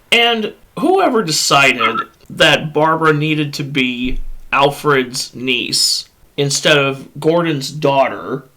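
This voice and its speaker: A man's voice: fairly high pitch, bright, forceful tone. A man hosting a casual movie discussion, ranting bluntly and profanely into a USB podcast microphone. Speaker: podcast host.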